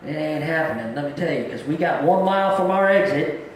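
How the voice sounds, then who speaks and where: A man's voice: fairly high pitch, expressive, a little fast, heavy reverb, slight background noise, rough recording. A middle-aged man doing a live stand-up set on a comedy club stage, telling stories in a plain-spoken, folksy way.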